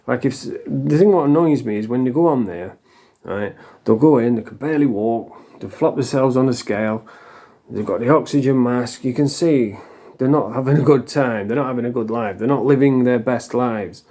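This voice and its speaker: A middle-aged English vlogger speaks to camera in a dark-toned, medium-pitched voice at normal speed. He's casual and blunt, rambling along and swearing freely.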